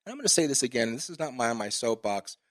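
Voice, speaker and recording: A man hosting a podcast, ranting with passion and swearing freely as he makes his point. His voice sits at an average pitch. The recording is dry and close, with no room sound. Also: very animated, fast talker, fairly bright tone, no echo. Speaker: podcast host. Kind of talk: casual interview chat.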